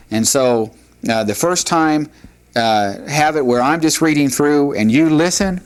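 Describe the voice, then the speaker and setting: A man teaching a recorded language lesson, explaining step by step in a measured way with frequent "uh" pauses. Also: a little high. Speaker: Hebrew teacher. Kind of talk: recorded classroom lecture.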